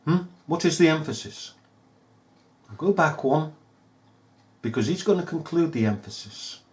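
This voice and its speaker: A man's voice: fairly high pitch, expressive, normal speed. A man giving scornful, emphatic commentary over news footage, full of rhetorical questions. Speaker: video commentator.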